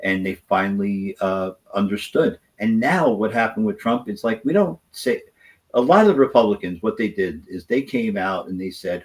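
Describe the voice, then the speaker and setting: Male activist guest with a lowish voice, passionate, rambling delivery, political talk show. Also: very animated, moderate pace, low-quality recording.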